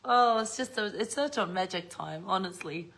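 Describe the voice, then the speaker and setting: A woman's voice: mid-range voice, expressive, normal speed, vocal fry, a bit bright. An older woman, chatting casually to camera, swearing freely and laughing often as she tells stories. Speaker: vlogger.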